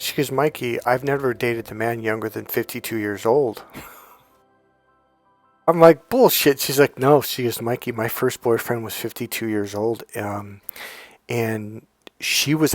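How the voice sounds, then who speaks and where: Middle-aged male dating coach, mid pitch, rambling storyteller, faint music bed. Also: fairly even intonation, measured pace, no room sound. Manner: rambling, retells dialogue in quotes. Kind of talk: casual monologue.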